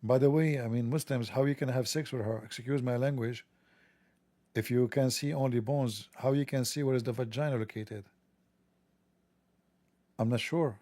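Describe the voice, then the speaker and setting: A man's voice: medium pitch, steady tone, normal speed, long pauses, mellow, dry recording. A man delivering a sarcastic, mocking satirical monologue.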